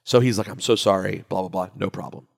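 This podcast co-host has a low, gravelly, husky voice and talks fast. Recorded in an echoey room with long reverb, he chats casually and tells stories, animatedly acting out his friends' words.

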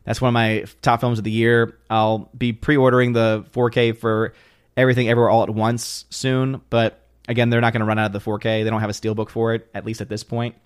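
Male streamer reading chat comments on air: casual, chatty, restarts his sentences, dry close sound, average pitch. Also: little pitch movement, brisk, smooth, dry recording. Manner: chatty, reads viewer comments aloud, frequent restarts.

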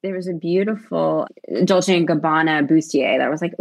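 Husky woman, chatty and laughing. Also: on the low side, moderate pace, faint music behind. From American South. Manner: warm, chatty, laughs often, animated storytelling. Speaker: actress and interview guest. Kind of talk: casual interview chat.

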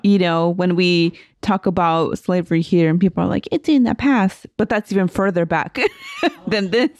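A woman's voice: lowish voice, moderate pace, dry recording. A young woman co-hosting a podcast in casual chat, blunt and outspoken, swearing freely. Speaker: podcast co-host.

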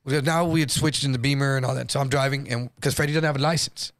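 A man telling a story in a loose, profane, casual way, jumping into higher voices when quoting people. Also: fast, no room sound, clean studio sound. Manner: animated, acts out quotes in higher voice. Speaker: guest storyteller.

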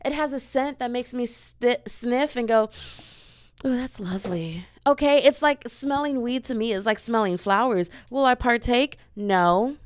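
A young woman from the States, hosting a podcast as a sassy, chatty comedic monologue with sudden loud outbursts. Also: a little high, normal speed, few pauses, clean tone. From Southern United States. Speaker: podcast host.

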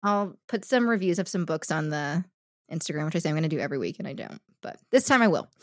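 A woman's voice: low-pitched, big pitch swings, quick pace, dry recording, clean studio sound. A young woman co-hosting a podcast, chatting playfully and laughing often, speaking into a handheld mic. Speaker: podcast co-host. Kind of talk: casual chat.

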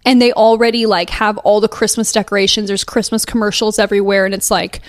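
A woman's voice: mid-range voice, level tone, fast, no echo. Upbeat young woman, dry close sound. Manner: chatty, upbeat, rambling. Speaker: podcast co-host, professional dancer. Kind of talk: casual chat. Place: home living room.

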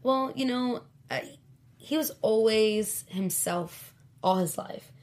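A woman in her thirties, a guest in a casual interview, telling a personal story in a chatty way and acting out the quoted lines in high, lively bursts. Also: slow.

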